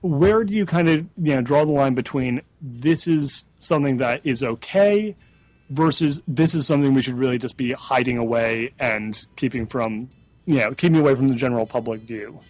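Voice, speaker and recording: A man's voice: medium pitch, moderate pace, a little mellow, no echo, soft background music, rough recording. A man hosting a casual chat show, rambling through questions with lots of fillers. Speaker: host.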